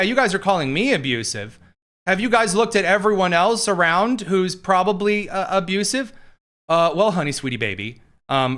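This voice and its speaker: Man, political commentary host, somewhat high voice, sarcastic, jokey asides, casual. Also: a bit bright.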